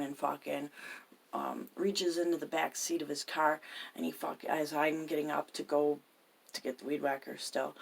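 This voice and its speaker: Low gravelly woman, swearing and worked up. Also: a little hiss or hum. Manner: agitated, swears constantly, drops into whispers. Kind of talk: profane personal storytelling.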